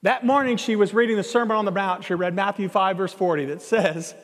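A man preaching a sermon, telling a story in a conversational, animated way and acting out the dialogue. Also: sits high, fairly quick. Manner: animated, acts out quoted dialogue, conversational asides. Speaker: pastor. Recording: long hall reverb.

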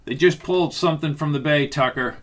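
A man narrating an audiobook, voicing a brisk, matter-of-fact small-town police officer. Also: fairly high pitch, fairly bright tone, close to an everyday voice.

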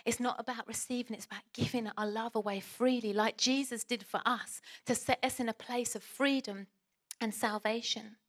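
A woman preaching a passionate sermon, swinging from loud exhortation to hushed whispers. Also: fairly high pitch, fairly even intonation, moderate pace.

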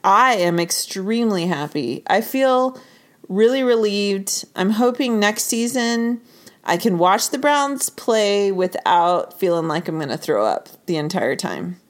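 A woman co-hosting a casual podcast. She talks about football in a playful, teasing way. Her pitch sits in the middle range. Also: expressive, unhurried. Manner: playful, teasing, chatty sports talk. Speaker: podcast co-host.

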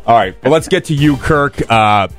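A man's voice: medium pitch, animated, moderate pace, faint music behind. Teasing male radio host. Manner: teasing, needling. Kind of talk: casual radio banter. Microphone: studio mic.

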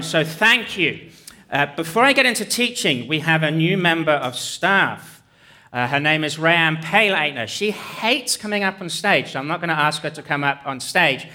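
A man's voice: fairly high pitch, bright, forceful tone. A man preaching a sermon as pastor, joking conversationally on a hands-free mic in a church. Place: church hall. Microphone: hands-free headset mic.

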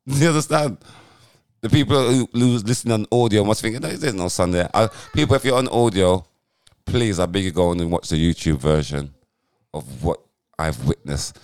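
Gravelly man in his forties. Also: sits low, normal speed, darkish tone. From UK, Jamaican heritage. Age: 40s. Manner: teasing, laughing, slangy. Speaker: podcast co-host. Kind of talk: casual banter.

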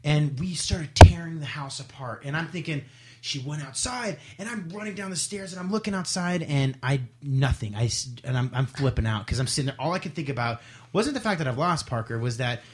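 A man's voice: on the high side, lively intonation, brisk. A young man, a podcast guest, telling a rambling story in casual chat, swearing freely and restarting often.

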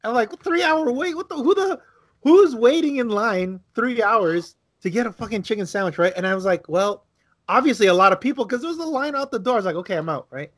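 A man co-hosting a podcast, telling a casual story, acting out quotes with big jumps in his voice and swearing freely. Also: fast. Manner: animated, acts out quotes with big pitch jumps. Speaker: podcast co-host.

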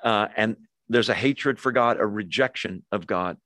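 A man's voice: fairly low pitch, normal speed, sharp tone, no room sound, studio quality. A man leading a Bible study, teaching verse by verse in a conversational way, with frequent asides and self-corrections.

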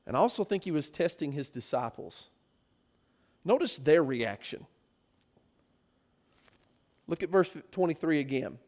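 A man's voice: fairly high pitch, lively intonation, measured pace, long pauses, a little mellow. A man preaching a sermon, often putting rhetorical questions to his listeners.

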